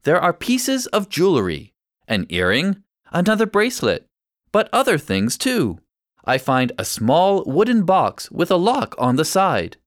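A man narrating a first-person story in a clear, measured storytelling manner. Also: on the high side, wildly swooping pitch, no room sound, studio quality.

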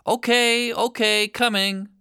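A reader voicing a gentle, dreamy young shark who dislikes hunting, in a storybook read-aloud. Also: medium pitch, very animated, brisk, dry recording, studio quality. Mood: eager. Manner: soft, dreamy, hesitant.

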